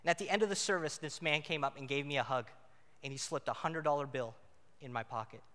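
A married man delivers a sermon with a bright, forceful tone, his voice pitched a little high for a man. He moves from loud, emphatic stretches to quiet, intimate ones. The sound carries the long reverb of a church hall. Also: quick pace. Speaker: preacher.

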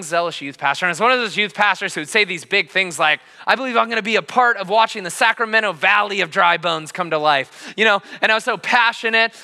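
A man in his thirties preaching a sermon as a pastor, telling his story passionately, dropping quiet and then rising loud. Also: high voice, big-room sound. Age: 30s. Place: church hall.

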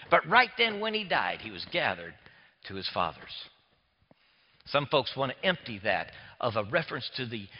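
A man, preaching a sermon as a pastor, swinging between hushed near-whispers and loud emphatic passages. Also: mid-range voice. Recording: echoey hall, dull lo-fi sound.

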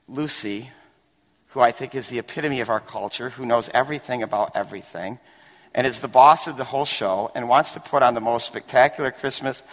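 A man's voice: mid-range voice, fairly bright tone. A male pastor giving a sermon in a church, chatty and building to emphatic points. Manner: conversational, rising to emphatic. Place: church sanctuary. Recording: long hall reverb.

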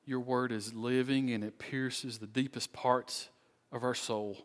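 A man preaching as pastor at the end of a sermon, earnest and pleading, with slow, deliberate phrasing. His mid-range voice rings with the long reverb of a church sanctuary. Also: mid-range voice, steady tone. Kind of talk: sermon closing and prayer.

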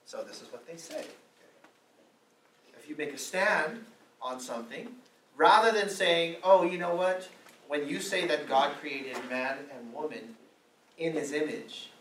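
A pastor preaches a sermon, pressing his point with repeated rhetorical questions. His voice is on the high side and fairly bright, a little slow, with roomy echo, a distant mic, faint ambience and slight background noise.

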